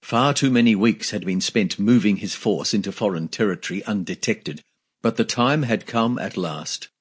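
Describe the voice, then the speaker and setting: A male audiobook narrator reads a fantasy tale in a measured, steady manner. His voice sits low and has a husky, slightly breathy grain. He gives the dialogue only a light touch of character.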